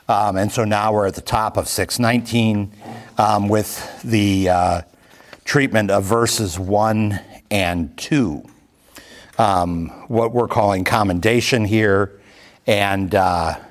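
A man leading a Bible study, reading a commentary aloud and explaining it in an unhurried way with many ums and uhs. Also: fairly low pitch.

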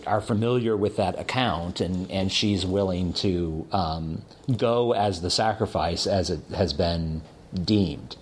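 Man, Bible class teacher, fairly low voice, measured explanatory lecture, classroom. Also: slight background noise.

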